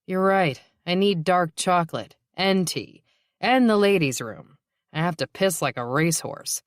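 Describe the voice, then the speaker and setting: A woman's voice: lowish voice, animated, a little slow, no room sound, studio quality. A woman voicing a weary, wisecracking woman police detective in an audiobook, blunt and wry. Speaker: character voice.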